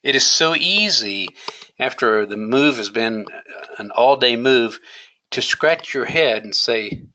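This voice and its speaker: A man's voice: mid-range voice, expressive, slow, bright, forceful tone, slight background noise, rough recording. A man teaching a day trading lesson, coaching emphatically and asking rhetorical questions. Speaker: trading educator. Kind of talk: screen-share trading lesson.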